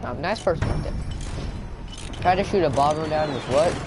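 A young man narrates his gameplay in a loose, rambling way, cracking jokes at his own expense. His voice sits a little on the high side. Loud in-game noise plays behind him the whole time. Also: animated, brisk. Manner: joking, rambling, self-mocking. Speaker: gaming YouTuber. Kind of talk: casual gameplay commentary.

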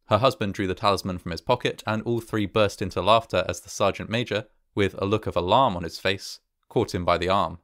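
Low-voiced man reading a horror story. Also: brisk, few pauses, a bit bright, dry recording, studio quality. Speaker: narrator.

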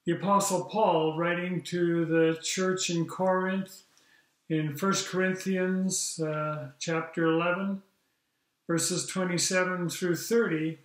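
A man leading a church service as pastor, reading scripture in a measured way with small fillers. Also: high-pitched, steady tone. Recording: echoey church room.

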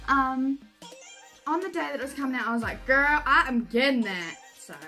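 High, lively, gushing young-sounding woman. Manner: gushing and excitable, often giggling. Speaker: beauty vlogger. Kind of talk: casual unboxing vlog. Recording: music playing under the voice.

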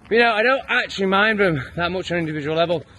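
High-pitched sweary English man ranting. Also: very fast, pushed and bright. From England. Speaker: vlogger. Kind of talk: profane opinion rant.

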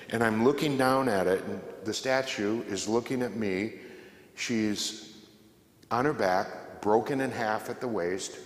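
Middle-aged guy spinning a funny story in a big church hall, voices the people in it, roomy echo. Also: mid-range voice. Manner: conversational, humorous, acts out the voices in his story. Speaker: guest speaker, former radio host. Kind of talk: storytelling talk to a church audience. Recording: echoey hall with long reverb.

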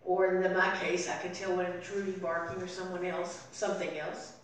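An older woman preaching a sermon as pastor, telling the story and voicing its people softly. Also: on the low side, little pitch movement, brisk, a little hiss or hum. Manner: storytelling, acting out voices softly in quotes. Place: church sanctuary. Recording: very echoey room, voice from far off.

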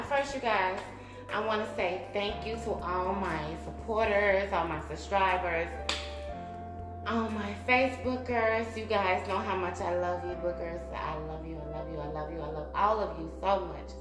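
Woman vlogger, chatty and affectionate, roomy echo with music playing behind. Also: on the low side. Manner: chatty, warm shout-outs, bursts of humming. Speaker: mukbang vlogger. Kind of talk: casual chat to viewers.

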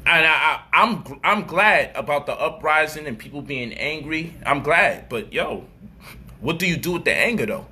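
High, sharp-voiced man ranting mockingly. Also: normal speed, husky. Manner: animated, profane, mocking, acts out quoted voices. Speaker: commentator. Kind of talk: street-style commentary monologue.

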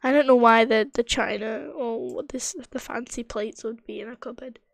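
High-voiced woman muttering through gameplay. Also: fairly even intonation, normal speed, creaky, no room sound. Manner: thinks aloud, muttering and sometimes dropping to a whisper. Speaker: streamer. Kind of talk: casual gameplay commentary.

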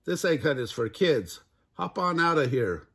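An older man voicing a small child scolding in a storybook, with a husky voice. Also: a little high, sing-song, moderate pace, fairly bright tone, exaggerated voice. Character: stern little kid scolding.

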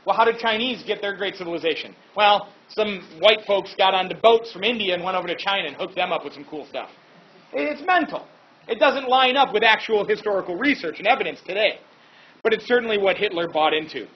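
A man with a high, husky voice gives a relaxed history lecture, full of chatty asides and casual fillers. The recording sounds dull and lo-fi. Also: fairly quick. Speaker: history teacher.

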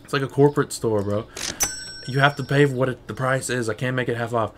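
In a slightly fast, fairly bright medium-pitched voice with fairly even intonation, a young man chats through a shop game stream. He's sarcastic and rambling, saying "bro" and "like" constantly, with slight background noise.

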